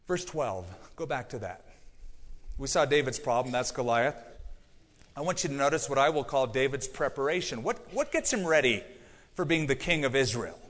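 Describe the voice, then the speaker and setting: A middle-aged male pastor delivers a sermon in an earnest storytelling manner, dropping to quiet, confiding lines before pressing points home with emphasis. His voice sits at an ordinary male pitch. The sound carries the long reverb of a church sanctuary.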